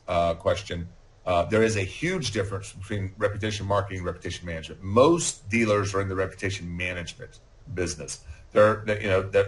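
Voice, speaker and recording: Podcast guest, male, low voice, confident pitch-style talk with quick restarts. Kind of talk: casual podcast chat.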